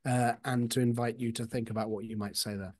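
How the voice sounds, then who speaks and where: A man's voice: mid-range voice, fairly even intonation, brisk, a little mellow. A man speaking as an author guest in an interview, explaining ideas thoughtfully with frequent hesitations and restarts. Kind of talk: reflective explanation. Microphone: video call.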